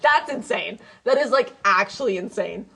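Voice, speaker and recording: A woman's voice: medium pitch, normal speed, vocal fry, husky, poor audio. A young woman co-hosting a podcast, chatting casually about a movie and acting out its lines with lots of laughter. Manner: animated, acts out lines in playful voices, laughs often. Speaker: podcast co-host. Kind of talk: casual movie recap chat.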